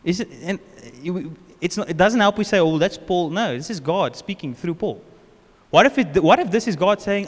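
A man's voice: high voice, expressive, normal speed. A man with a South African accent preaching a casual, joking sermon as pastor, often acting out what people say. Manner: informal, joking, acts out quotes. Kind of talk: conversational sermon. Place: church hall. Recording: long church reverb.

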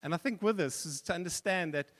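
A male pastor preaching a sermon in a church hall, telling a story with animated repetition. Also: sits high, fast talker. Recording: long reverb of a church hall.

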